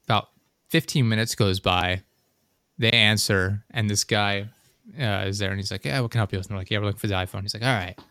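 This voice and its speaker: A man's voice: fairly low pitch, flat delivery, brisk, bright, forceful tone, smooth, dry recording, clean studio sound. A young adult man chatting casually on a podcast, telling a rambling story full of fillers and the odd swear word. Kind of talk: casual chat.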